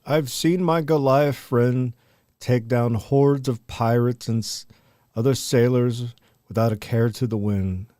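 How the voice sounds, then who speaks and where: A man's voice: mid-range voice, steady tone, measured pace, dark tone, no echo, clean studio sound, lightly acted. A man voicing a pompous adventurer who speaks in a grand, theatrical way. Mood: rousing.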